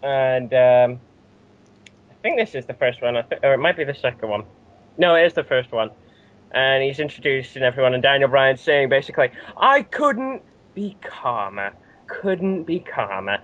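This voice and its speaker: A British man hosting a casual wrestling recap chat, animated and often laughing as he acts out quotes. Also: mid-range voice, fairly quick. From Britain. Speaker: show host. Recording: dull lo-fi audio.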